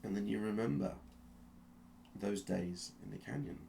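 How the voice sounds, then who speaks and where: A man narrating a tabletop game as game master, telling the story slowly and with suspense, often restarting his sentences. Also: lowish voice, creaky, mellow, slight background noise. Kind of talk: dramatic second-person narration of a tabletop game.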